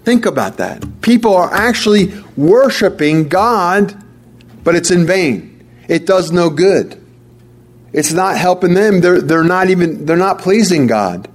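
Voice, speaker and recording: Emphatic preacher. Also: male voice, high voice, animated, a little slow. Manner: emphatic, repeats key phrases, stammering restarts. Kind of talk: sermon.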